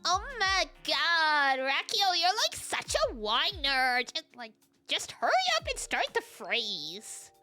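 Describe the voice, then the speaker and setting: Woman doing a bratty valley girl, bright and bouncy. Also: high-pitched, big pitch swings, slow, soft background music, full character voice. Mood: mocking. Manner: valley girl drawl, "like" fillers.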